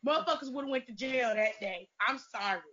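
A brash woman fires off profane reactions in casual chat. Her voice is high and bright. The audio is dull and lo-fi. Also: expressive, fairly quick. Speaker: podcast co-host.

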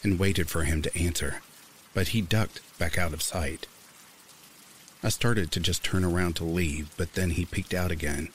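A man narrating creepy true stories in a calm, steady storytelling manner. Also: low voice, moderate pace, slight background noise.

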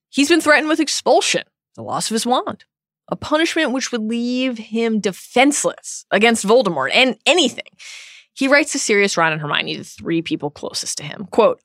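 A woman's voice: fairly high pitch, fairly bright tone, no room sound, clean studio sound. A woman co-hosting a podcast, retelling a book with energy and adding wry asides. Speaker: podcast co-host.

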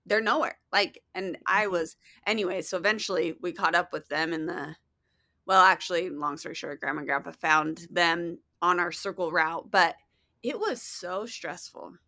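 Bright-voiced woman in casual chat. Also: lowish voice, normal speed. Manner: rambling, filler-heavy storytelling. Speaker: podcast co-host.

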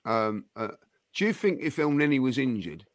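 A man's voice: mid-range voice, very animated, moderate pace, dry recording, studio quality. A man, a panelist who cuts in with blunt remarks and questions. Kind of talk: casual chat.

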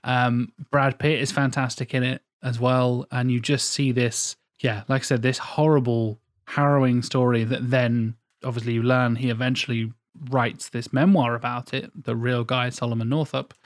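A man in his thirties talks about films in casual, rambling podcast chat. He swears freely and gushes about what he loves. His voice sits at a middle pitch and sounds dry and close, with no room around it. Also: little pitch movement, moderate pace, few pauses, no echo. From England. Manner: enthusiastic, swears often, rambling. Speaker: podcast co-host. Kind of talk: casual film discussion.

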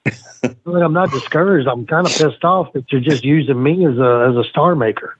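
A man's voice: mid-range voice, a little fast, husky, no echo, muffled recording. A man guesting on a wrestling podcast, telling profane, heated stories and acting out the arguments he quotes. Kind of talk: casual storytelling interview.

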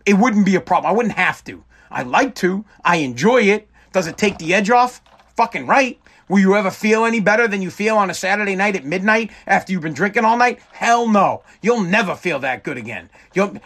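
A middle-aged man rants through a combative monologue as the host of his own show. He is blunt and profane, and his voice sits high for a man. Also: animated, a little fast, fairly bright tone. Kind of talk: opinionated monologue.

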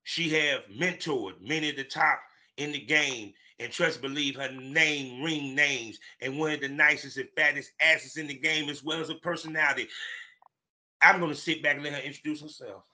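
A man's voice: a little high, fairly even intonation, normal speed, bright, forceful tone. A man hosting a casual podcast interview, brash and slangy, hyping up his guest. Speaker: podcast host.

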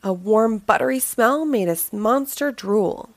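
A woman reading a children's picture book aloud, telling the story in a slow, expressive way. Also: mid-range voice, dry recording.

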